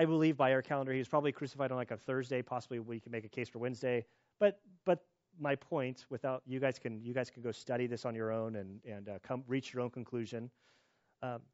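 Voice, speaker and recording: A man's voice: medium pitch, no echo, dull audio. Conversational male pastor preaching. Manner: conversational, with many restarts and asides. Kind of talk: sermon.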